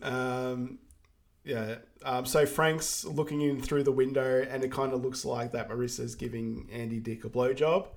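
Relaxed man, casual podcast chat. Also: medium pitch, unhurried. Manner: relaxed, many ums and fillers. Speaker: podcast co-host. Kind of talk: casual chat recapping a film.

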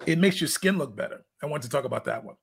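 A man's voice: a little high, animated, quick pace, vocal fry, slightly rough. A man, a fitness coach, chatting casually in an interview, telling candid rambling stories and laughing at his own jokes.

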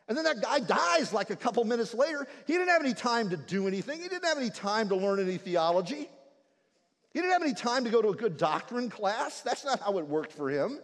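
A male pastor gives an animated, humorous sermon in a church, swinging widely between voices and moods. His voice sits high for a man and rings with a long hall reverb. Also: a little fast.

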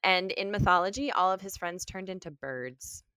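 Smooth, low-voiced woman quiz co-host. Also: normal speed, bright, forceful tone, no room sound. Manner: upbeat and encouraging, laughs easily. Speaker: podcast co-host. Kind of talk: casual chat, quiz host giving hints.

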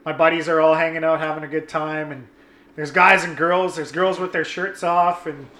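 Animated storytelling man, bright roomy voice. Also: a little high, moderate pace, slight background noise. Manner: animated, swearing, acts out friends' lines. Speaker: guest telling a story. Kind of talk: casual storytelling.

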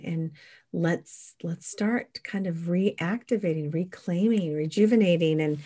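An enthusiastic woman co-host with a slightly low voice, chatting effusively on a podcast. She gushes about what she loves and muses openly about what she plans to do. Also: measured pace, mellow. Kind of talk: casual spiritual chat.

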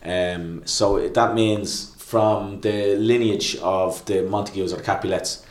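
A man's voice: on the low side, steady tone, a little slow. A man talking casually as a podcast guest, rambling with many restarts and fillers. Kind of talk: casual chat. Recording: echoey room.

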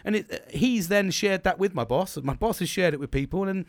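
A British man talks straight to the camera in a blunt, unfiltered monologue, swearing freely and restarting his sentences. His voice sits a bit high for a man. The recording is dry, with no room echo. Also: expressive, moderate pace. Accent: British English. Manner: self-described bolshy and gobby, talks with no filter. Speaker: vlogger. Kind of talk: unscripted personal monologue.

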